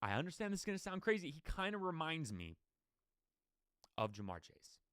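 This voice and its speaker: A man hosting a sports show alone, his pitch jumping up and down as he rants. He fires off opinions and rhetorical questions in a quick, worked-up run. The sound is dry and close, with no room around it. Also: clear, resonant tone, dry recording. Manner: animated, opinionated, rapid-fire rant with rhetorical questions. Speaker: sports podcast host. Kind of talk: solo sports commentary.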